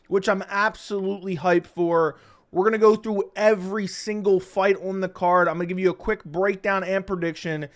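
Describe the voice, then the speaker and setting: A young man hosting a channel, giving blunt, opinionated fight predictions in casual solo commentary with quick asides. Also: sits high. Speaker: MMA predictions host.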